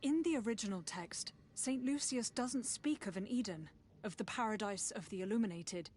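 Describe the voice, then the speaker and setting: An earnest female scholar on the run, voiced by a woman in a video game, pleading for refuge. Her voice sits at a middling pitch, with a faint hiss of noise under it. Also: expressive, normal speed, darkish tone, close to an everyday voice.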